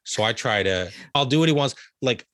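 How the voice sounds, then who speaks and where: A man's voice: mid-range voice, expressive, brisk, a bit bright, no echo, clean studio sound. A young man from the USA, a realtor guest talking earnestly in an interview and getting emotional about family. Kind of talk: heartfelt interview conversation.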